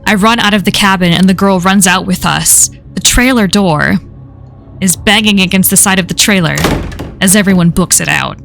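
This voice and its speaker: A woman's voice: medium pitch, moderate pace, gravelly, fairly bright tone, soft background music. A woman reading a first-person horror story aloud on a live stream, in a casual, conversational telling full of swearing.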